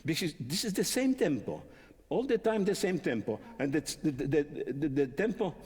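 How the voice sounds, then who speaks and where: A man teaching a violin masterclass, singing musical phrases in syllables and explaining tempo and dynamics in halting speech with many fillers. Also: fairly high pitch, sing-song, darkish tone, husky. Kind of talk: masterclass instruction. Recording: long hall reverb.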